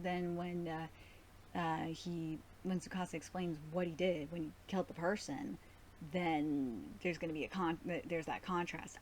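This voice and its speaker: A woman's voice: on the low side, darkish tone, a little hiss or hum, poor audio. A woman hosting a live anime reaction, talking in an exasperated, nitpicky way and swearing often. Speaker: host.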